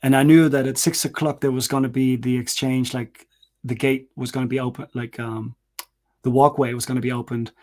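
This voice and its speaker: A man in his forties telling a personal story in a casual, halting way, pausing to search for words and repeating himself. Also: medium pitch, level tone, a little mellow. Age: 40s. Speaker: host.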